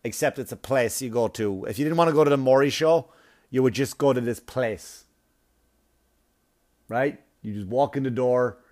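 A man doing stand-up, telling a long story in a profane, animated way with laughing asides. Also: mid-range voice. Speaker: comedian.

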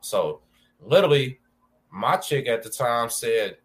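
Unhurried yet animated, a man with a mid-range, slightly bright voice and a Texan accent hosts a podcast. He talks casually about life in prison, using relaxed street slang and addressing the listener as "bro" and "dog."

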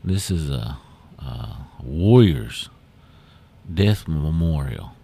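A man's voice: a bass voice, expressive, very slow, vocal fry, mellow, breathy edge, heavily acted. A man storyteller voicing a wary older man with a pack of guard dogs who gives urgent, pleading warnings.

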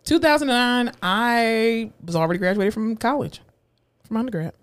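A woman in her thirties co-hosting a podcast in casual chat, opinionated and animated, swearing and laughing often. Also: on the high side, normal speed, smooth. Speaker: podcast co-host.

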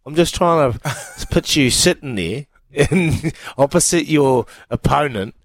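A man hosting a sports talk radio show, chatty and matey with quick reactions. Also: on the high side, animated, dry recording. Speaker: radio host. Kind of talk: casual sports radio chat.

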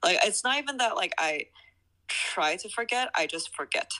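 Young woman, casual reflective chatter, bright tone. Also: medium pitch, animated, normal speed, low-quality recording. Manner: reflective, hedging with many likes. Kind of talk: casual chat.

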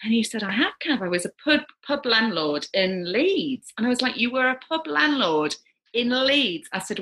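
Bright, lively storyteller woman. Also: mid-range voice. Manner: lively, gasping, acts out quoted voices. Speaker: psychic medium guest. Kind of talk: animated storytelling in conversation.

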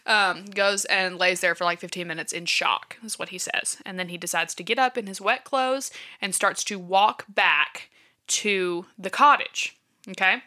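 A woman's voice: mid-range voice, steady tone, moderate pace, bright, forceful tone. A woman casually retelling a true-crime case from her notes, with many fillers like "um" and "like". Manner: chatty, filler-heavy, checks her notes. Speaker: podcast co-host.

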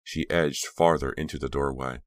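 A man reading a teen thriller novel aloud in a steady, measured audiobook narration. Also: a bass voice, dry recording, studio quality. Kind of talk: scripted narration.

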